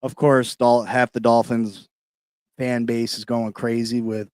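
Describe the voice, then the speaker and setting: A man hosts a sports podcast in loose, hyped-up slang, calling out listeners in the chat. His voice sits mid-range and comes through smooth and resonant. The sound is dry and close. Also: mid-range voice, level tone, measured pace, dry recording. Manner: hype, slangy, shouting out the chat. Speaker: podcast host. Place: New York.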